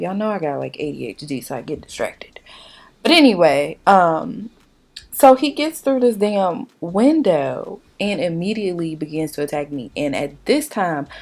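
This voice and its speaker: Profane, animated woman vlogger telling a story. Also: mid-range voice. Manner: animated, profane, talks straight to viewers. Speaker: beauty vlogger. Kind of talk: casual storytime chat during a makeup tutorial.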